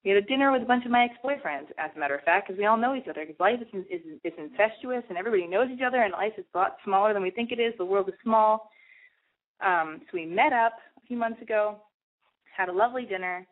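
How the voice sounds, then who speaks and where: A woman's voice: medium pitch, fast. Radio host, young woman, rambling, profane, self-mocking confessional monologue over a thin phone-like line. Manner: rambling, self-deprecating, profane, animated when acting out her own past thoughts. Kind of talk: candid personal monologue. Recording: tinny phone-like radio audio.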